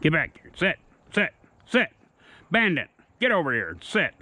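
A man's voice: a little high, wildly swooping pitch, moderate pace, sharp tone. A plainspoken, folksy man chatting casually outdoors while working with his dogs. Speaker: dog owner and trainer. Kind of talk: casual vlog chat.

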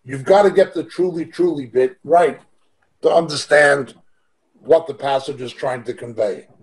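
A man with a fairly high voice teaches scripture over a video call. He is emphatic and repeats his key lines to drive them home. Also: normal speed, rough recording. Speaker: Bible teacher. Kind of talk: online Bible teaching.

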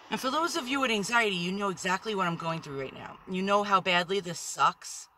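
A woman's voice: mid-range voice, a little fast, few pauses, a little hiss or hum. Nervous rambling woman vlogging in a car. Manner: rambling, anxious, swears a lot; talks loudly when nervous. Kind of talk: nervous selfie vlog. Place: inside a parked car.

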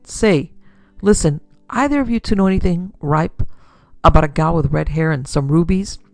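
A harried, brash man from an old pulp crime tale, put on by a woman narrator. He talks quickly and eagerly with a gravelly grain. The sound is close and dry. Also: low-pitched, no room sound, soft background music. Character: harried tall male newsman, pipe-chewing.

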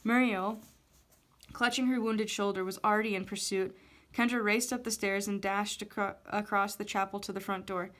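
A woman teacher reads a novel chapter aloud at a mid pitch, in a steady storytelling way. The delivery stays even and plain. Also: moderate pace.

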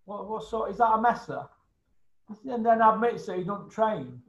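A man's voice: high voice, lively intonation, moderate pace, a bit bright, slight background noise. A man ranting bluntly in casual chat, swearing freely and tagging his points with questions. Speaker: show regular. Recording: roomy, slightly dull sound.

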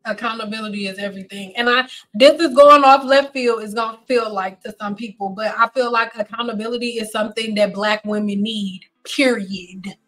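Blunt, bright-voiced woman hairstylist. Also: fairly high pitch, steady tone, brisk, soft background music, low-quality recording. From Detroit. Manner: blunt, intense, joking. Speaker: hairstylist host. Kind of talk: livestream chat.

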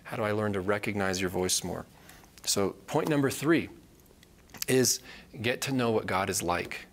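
A man's voice: lowish voice, moderate pace. A man teaching a live Bible study, earnest and repeating key phrases for emphasis.

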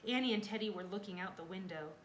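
Woman reading a kids' chapter book, expressive, in an echoey room with faint hiss. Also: mid-range voice, fast talker. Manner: expressive, dramatic storytelling. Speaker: reader. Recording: roomy echo, faint background noise.

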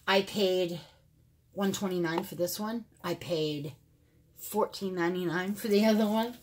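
A middle-aged woman talks casually to her viewers at home, comparing makeup in a rambling, filler-heavy way. Her voice sits on the low side for a woman. A faint hiss runs underneath. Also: unhurried. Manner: chatty, rambling, many fillers. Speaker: beauty vlogger. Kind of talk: casual makeup review to camera. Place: home filming room.

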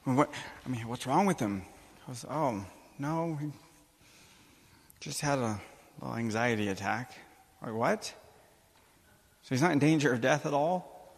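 A male priest giving a sermon, telling a personal story with animated, emphatic delivery and acting out the dialogue. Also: medium pitch, moderate pace, creaky, long pauses, slightly rough. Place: church or conference hall. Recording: long hall reverb.

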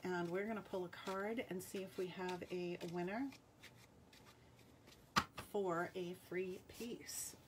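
Rhode Island woman hosting a live jewelry sale; unhurried, friendly chatter, calls out names and cards, faint room hum. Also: on the low side, fairly even intonation. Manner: chatty, reads out viewer names and playing cards. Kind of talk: live-stream sales chat.

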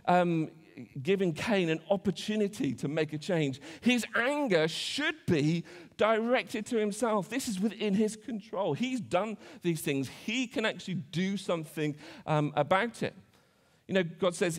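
A man preaching a conversational sermon in church, with frequent restarts and self-deprecating asides. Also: high voice. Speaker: pastor. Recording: church hall reverb.

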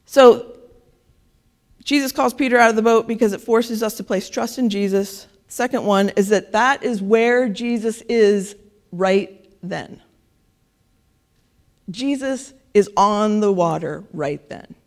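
A woman gives a relaxed, conversational sermon and keeps checking in with her listeners. Her mid-range voice carries a gravelly, creaky texture. She sounds like she is talking to a church congregation. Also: mid-range voice, takes it slowly. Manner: conversational, keeps asking "right?". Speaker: preacher. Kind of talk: casual sermon.

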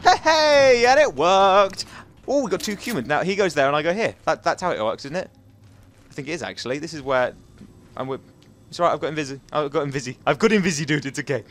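Excitable young man with a lively voice. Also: fairly high pitch, quick pace, slight background noise. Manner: excitable, yelps and chatters at the game. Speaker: gaming commentator. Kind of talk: casual gameplay commentary.

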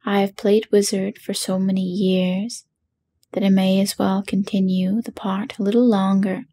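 A woman's voice: medium pitch, little pitch movement, a little slow, mellow, husky. A woman voicing a humbled little man posing as a wizard, in whispered role-play with a meek, apologetic manner.

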